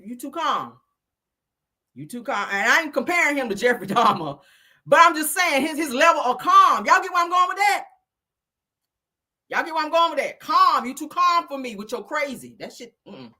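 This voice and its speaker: A woman's voice: medium pitch, sharp tone. A woman hosting a celebrity gossip commentary, talking in a brash, profane way and laughing often. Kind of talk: casual commentary.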